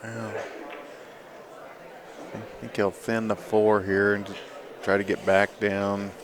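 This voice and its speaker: A man giving measured, laid-back play-by-play commentary on a pool match. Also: fairly low pitch, little pitch movement, crowd noise.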